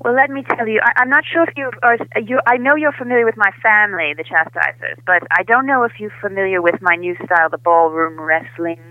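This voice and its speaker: A man's voice: sits high, no echo. A man playing a flamboyant, gossipy old-Hollywood heir with an affected Hollywood accent, calling in for an improvised comedy bit. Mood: grandiose. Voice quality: theatrical, drawn-out, grand. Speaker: caller. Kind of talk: improvised comedy phone call. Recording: tinny phone line, dry.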